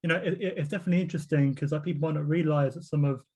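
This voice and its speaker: A man's voice: fairly high pitch, fairly even intonation, racing, warm tone, husky. A British man interviewing a guest, asking long rambling questions in a casual way. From Britain. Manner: rambling questions, frequent murmured agreement.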